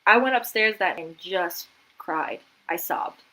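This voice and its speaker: A woman's voice: fairly low pitch, unhurried, pushed and bright, poor audio. A woman guest on a livestream interview, retelling events vividly and dramatically, quoting her own thoughts. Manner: vivid, dramatic retelling with quoted inner voices. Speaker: guest, artist and author.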